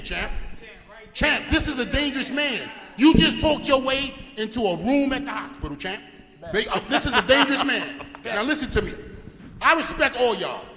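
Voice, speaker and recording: A man serving as a boxing team captain, trash talking at a press conference in a brash, loud, repetitive style. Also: very high voice. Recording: reverberant hall.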